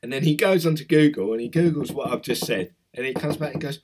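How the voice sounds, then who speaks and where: A man's voice: mid-range voice, quick pace, crowd noise. A man from South East London with a London accent, chatting casually as a crypto YouTuber and reading out viewer comments. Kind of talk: casual chat with live chat viewers.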